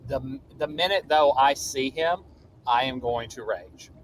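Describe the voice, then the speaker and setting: A man playing a tabletop game, talking in a halting, self-deprecating way. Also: mid-range voice, a little hiss or hum, rough recording. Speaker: player. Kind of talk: casual game table chat.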